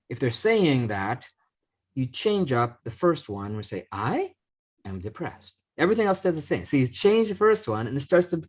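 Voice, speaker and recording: A man's voice: a little high, husky. A middle-aged man hosting a casual chat, rambling with many restarts and fillers. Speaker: podcast host.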